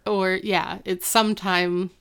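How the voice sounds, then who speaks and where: A woman's voice: medium pitch, takes it slowly, gravelly, clean tone. A woman chatting casually on a podcast, recapping a TV episode and acting out the characters' lines in a raised voice. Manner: animated, acts out quotes in a raised voice.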